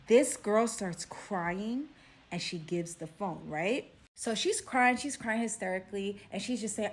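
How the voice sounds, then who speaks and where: A woman's voice: mid-range voice, measured pace. A young woman from Brooklyn, telling a dramatic story in a chatty way, full of "like" and "right?". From Brooklyn, New York. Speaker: storyteller vlogger. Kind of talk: casual storytime.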